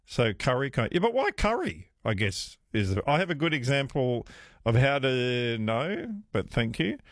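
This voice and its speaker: A man's voice: mid-range voice, sing-song, normal speed, dry recording. A man hosts talkback radio in a close, dry studio sound. His voice swoops up and down a lot as he muses aloud and throws questions to his listeners. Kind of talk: casual talkback radio chat. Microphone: studio microphone.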